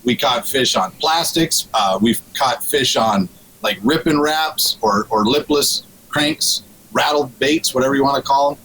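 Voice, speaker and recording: A man's voice: mid-range voice, unhurried, sharp tone, slight background noise, poor audio. A man guesting on a radio show, telling a fishing story in casual chat, with frequent restarts and laughs. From Minnesota.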